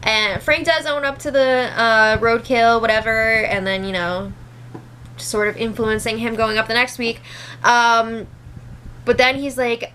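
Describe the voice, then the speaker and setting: A woman's voice: a little high, fairly even intonation, unhurried, pushed and bright, slight background noise, rough recording. A young woman giving a casual recap, chatty and laughing often as she retells what people said. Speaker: show recap host. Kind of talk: casual reality show recap.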